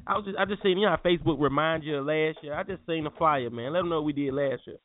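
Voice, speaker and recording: A man's voice: fairly high pitch, very fast. A man hosting a morning talk show, chatting loosely and full of slang. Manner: loose, slangy, repeats words. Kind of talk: casual radio chat. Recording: tinny phone-like sound with music.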